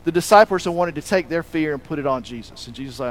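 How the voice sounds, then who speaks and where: A man preaching a sermon, telling a story with animated delivery, acting out quoted lines and swinging between loud emphasis and hushed moments. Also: mid-range voice, a little fast, a little hiss or hum, low-quality recording. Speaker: pastor.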